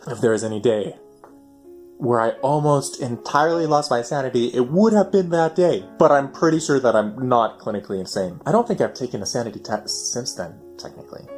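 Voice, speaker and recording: Animated young man telling a story. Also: mid-range voice, brisk, soft background music. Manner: animated, swinging from loud excitement to near whispers. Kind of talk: personal storytelling.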